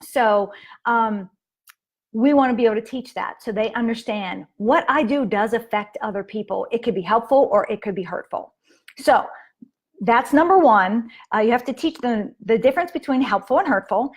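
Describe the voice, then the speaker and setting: Woman, parenting coach, casual live-stream delivery, slightly high voice, chatty with fillers. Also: normal speed. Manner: chatty, with fillers and acted quotes of kids.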